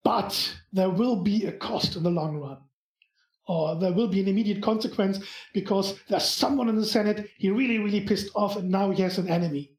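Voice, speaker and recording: A man with a German accent, a podcast guest in casual chat, talking in a halting way as he searches for words. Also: high-pitched. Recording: echoey room.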